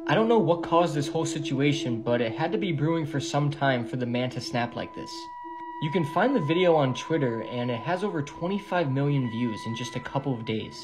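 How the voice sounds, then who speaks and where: A man recounting a viral video step by step in a steady, matter-of-fact way. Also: mid-range voice, brisk. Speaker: video narrator.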